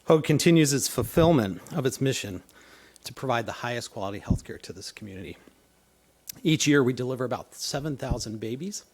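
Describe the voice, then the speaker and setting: A man's voice: medium pitch, expressive, brisk, husky. A man who heads a hospital giving a formal, confident prepared statement to a city council. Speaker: hospital chief executive.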